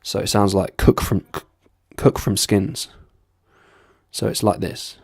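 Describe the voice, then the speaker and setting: A man's voice: on the low side, takes it slowly, slightly rough, no echo, clean studio sound. A young man from the south of England with a southern English accent, chatting casually and swearing freely. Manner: laid-back, sweary, rambling. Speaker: vlogger. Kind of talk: casual chat about accents.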